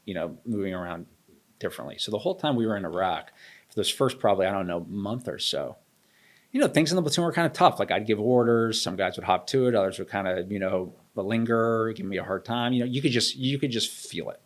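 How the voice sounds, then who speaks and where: Low-voiced guy talking fast, telling a war story, does all the voices himself. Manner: animated, acts out quoted dialogue. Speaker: interview guest. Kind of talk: storytelling in a conversation.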